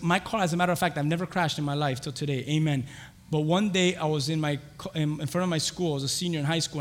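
Animated young male preacher in a reverberant hall. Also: on the high side. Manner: animated, laughing, acts out voices in his stories. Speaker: pastor. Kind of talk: sermon with storytelling. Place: church.

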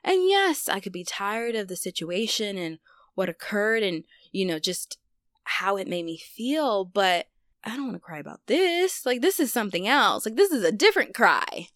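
A young woman candidly telling a personal story on her vlog, chatty and full of fillers, dropping to a hush on the hard parts. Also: medium pitch, very animated, normal speed, no room sound, studio quality. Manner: candid, conversational, heavy use of fillers. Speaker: vlogger.

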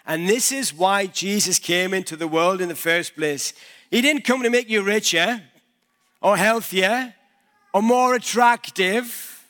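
A man's voice: high-pitched, a bit bright. A male pastor giving a conversational sermon in a church, using props and everyday examples.

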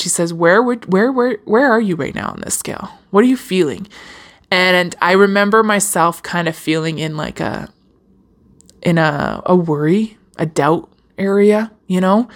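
A woman hosting a casual self-help podcast, speaking straight to her listeners with lively swings in pitch and the odd swear word. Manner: animated, swearing, addresses listeners directly. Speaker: podcast host. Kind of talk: motivational self-help talk.

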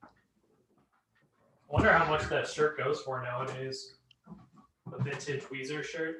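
A man's voice: medium pitch, a little slow, noisy background. A man hosting a casual chat, reading through his notes on a skate video and cracking jokes. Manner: relaxed, jokey, reads from notes. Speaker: podcast host.

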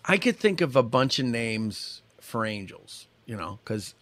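A man's voice: mid-range voice, very animated, a little slow, a bit bright, dry recording. A man hosting a playful game segment, teasing his guest and laughing often. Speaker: host. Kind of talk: playful game-show banter.

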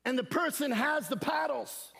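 High-pitched shouting preacher, echoey hall. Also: male voice, normal speed, vocal fry. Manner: animated, shouts for emphasis, slangy asides. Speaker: guest preacher. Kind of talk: energetic sermon. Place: church sanctuary.

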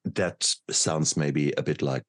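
Male host and doctor, extremely deep voice, courteous and halting, dry sound. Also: steady tone, no echo. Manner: formal, polite, hesitant with repeated words. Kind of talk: interview questions.

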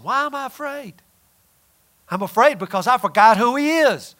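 A man pastor preaching a sermon, swinging between loud emphatic lines and hushed, near-whispered ones. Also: high voice, expressive, normal speed.

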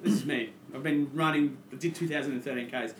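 A man's voice: medium pitch, quick pace, reverberant, a little hiss or hum. An Australian man, a podcast guest, telling a story in casual chat and acting out his own past lines.

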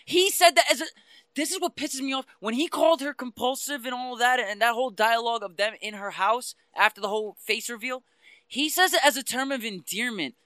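A man talks fast and fired up, swinging between heated outbursts and quieter stretches of explanation. His voice has a bright, tense edge. The sound is dry and close. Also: very high-pitched, clear, resonant tone, no room sound. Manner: passionate, ranting, animated about comics. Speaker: podcast co-host. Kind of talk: casual chat.

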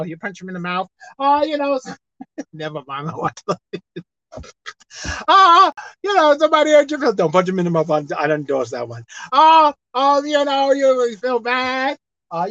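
A woman preacher delivering a sermon, swinging between loud emphatic outbursts and quiet asides. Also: sits high, no echo. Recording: dull lo-fi dry sound.

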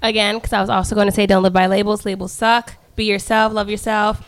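A woman guest on a casual podcast, speaking softly and quickly. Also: mid-range voice, little pitch movement, slight background noise.

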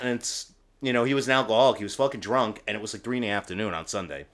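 A man from New Jersey, a comic book artist and podcast guest, talking loudly and excitedly in casual chat and swearing freely. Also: on the low side, very fast. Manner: loud, excitable, swears a lot.

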